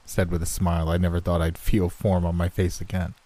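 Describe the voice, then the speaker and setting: A man with a low, dark and mellow voice narrates a horror story in a measured, steady way. Rain and thunder roll behind him.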